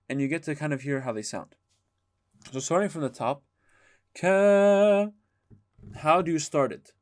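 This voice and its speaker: A man teaching a music lesson, explaining calmly and singing short chanted examples. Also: mid-range voice. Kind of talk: spoken lesson with sung demonstrations.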